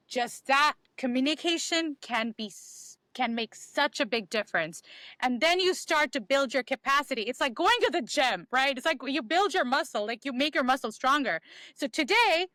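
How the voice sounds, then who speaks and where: High bright-voiced woman giving emphatic advice. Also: lively intonation, normal speed, no echo. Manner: emphatic, repeats phrases, acts out inner dialogue. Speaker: podcast guest. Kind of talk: animated conversational advice.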